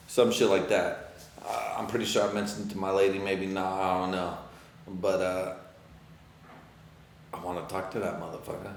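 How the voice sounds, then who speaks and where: A man hosting a podcast, rambling through a casual, profane solo monologue that swings from loud excitement to low muttering. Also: fairly quick, echoey room, a little hiss or hum. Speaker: podcast host.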